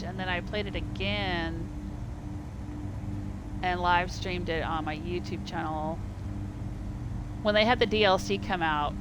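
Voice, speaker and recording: A woman's voice: on the low side, background noise. A woman streamer chatting casually and rambling while she plays a game. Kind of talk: casual gameplay chat.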